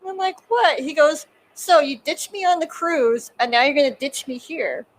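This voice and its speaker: Woman with a slightly high voice, an animated podcast storyteller who voices each quoted line. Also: normal speed, low-quality recording. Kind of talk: casual podcast chat.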